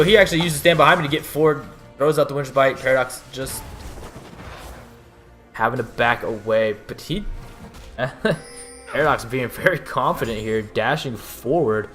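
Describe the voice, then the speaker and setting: A man giving excitable play-by-play commentary as an esports caster, rising to shouts at big plays. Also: mid-range voice, moderate pace, soft background music.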